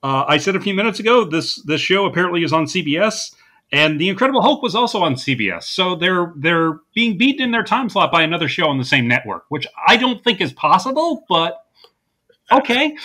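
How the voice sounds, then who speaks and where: A man on a podcast, chatting casually about a comedy film. His voice is bright and lively and sits a little high, and he keeps laughing as he quotes scenes in a dry, deadpan way. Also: a little fast. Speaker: podcast co-host. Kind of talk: casual movie-recap chat.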